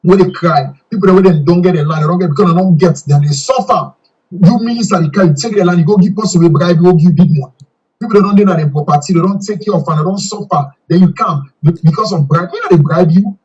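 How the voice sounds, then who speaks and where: A man's voice: sits high, fast, a little mellow, husky, recorded from a distance, lo-fi sound. A man with a Sierra Leonean accent, giving a fiery interview and repeating himself when angry. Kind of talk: impassioned interview.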